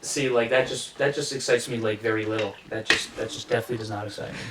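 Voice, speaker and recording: A man hosting a casual podcast chat, relaxed and halting, often repeating words as he gets going. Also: on the low side. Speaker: podcast host. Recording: echoey room, distant mic, faint hiss.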